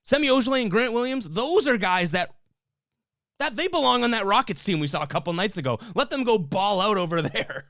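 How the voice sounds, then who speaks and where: A man hosts a live sports stream, reading viewer comments and venting with lots of restarts and fillers. His voice sits somewhat high and comes through smooth and clear. The sound is close and dry, with no room echo. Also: lively intonation, a little fast, fairly bright tone. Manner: fired-up, rambling, frequent restarts and fillers.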